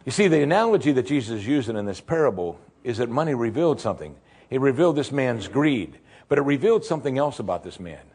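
A male pastor preaching a sermon in an animated way, full of rhetorical questions and acted-out voices. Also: medium pitch, fast, slightly rough.

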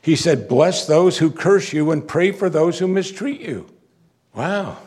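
A man preaching a sermon, moving between quiet, reflective asides and loud, emphatic declarations. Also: a little high, lively intonation, measured pace, breathy edge. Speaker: pastor.

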